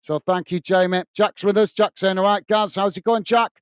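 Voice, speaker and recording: English man, match watch-along host, blunt and upfront, smooth clear voice, slightly high, dry close mic. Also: fairly even intonation, normal speed, no room sound. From England. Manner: blunt, upfront, addresses viewers as mate. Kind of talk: live match commentary and chat reading.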